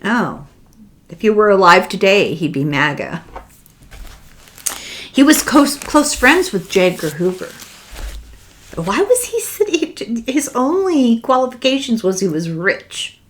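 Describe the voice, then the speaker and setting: Older Irish woman, lively storyteller. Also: medium pitch, measured pace, pauses often, a little hiss or hum. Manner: animated, wry, conspiratorial storytelling. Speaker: podcast host discussing a book. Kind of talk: casual chat.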